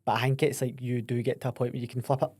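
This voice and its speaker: A man's voice: medium pitch, flat delivery, very fast, darkish tone, breathy edge, dry recording, clean studio sound. A man hosting a podcast, telling stories in casual chat with lots of energy and swearing. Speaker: podcast host.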